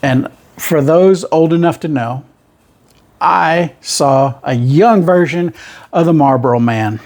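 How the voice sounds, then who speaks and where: A man's voice: a little high, slow pace, a little mellow. A middle-aged man with a rural Southern American twang, a truck driver telling his road stories in a rambling, folksy way. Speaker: truck driver and channel host. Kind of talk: casual storytelling monologue.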